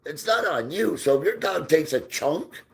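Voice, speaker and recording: A man hosting a casual live stream, reading out viewer comments, answering them, and talking softly to his dog while they play ball. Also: a little high, animated, moderate pace, vocal fry. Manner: reads out and answers viewer comments, often drops into soft baby talk for his dog. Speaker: livestream host.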